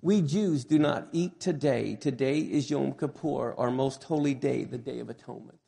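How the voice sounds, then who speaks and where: A man playing a quiet, composed prisoner. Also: mid-range voice, brisk, voice pushed down, close to an everyday voice. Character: calm defiant Jewish prisoner, man.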